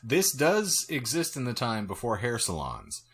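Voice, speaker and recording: A man's voice: medium pitch, wildly swooping pitch, a little slow, fairly bright tone, slightly rough. A man co-hosting a podcast, retelling a ghost story from notes and breaking off into crude jokes. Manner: crude jokes, reads from notes then riffs. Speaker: podcast co-host. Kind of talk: casual comedic chat, retelling a ghost story.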